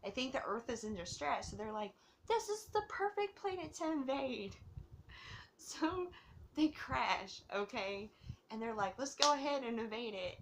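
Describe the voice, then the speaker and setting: A woman's voice: mid-range voice, a bit bright, slight background noise. A woman hosting her own movie review vlog, rambling and gushing with giggles, a bit tipsy from drinking. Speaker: host of a movie review channel.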